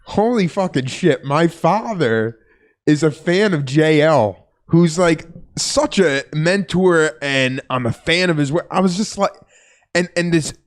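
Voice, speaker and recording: A man co-hosting a comedy podcast, enthusiastic and swearing, quick to laugh as he talks. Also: on the high side, animated. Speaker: podcast co-host. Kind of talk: casual podcast chat.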